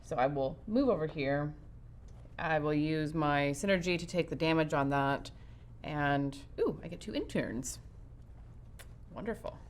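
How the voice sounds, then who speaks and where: A woman playing a board game with friends, thinking out loud about her moves, hesitating and restarting. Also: low-pitched, measured pace, long pauses. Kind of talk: casual play and chat.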